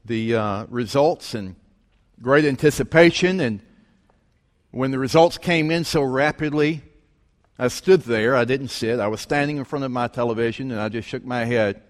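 A man preaching, telling a story in an animated way and acting out the voices of the people in it. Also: mid-range voice, moderate pace. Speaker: pastor. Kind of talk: sermon storytelling. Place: church sanctuary. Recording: long reverb of a large hall.

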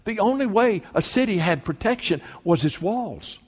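A man preaching a sermon as pastor, reading scripture aloud with fervent emphasis that swells to near-shouting. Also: sits high, expressive, moderate pace, husky. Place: church sanctuary. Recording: long hall reverb.

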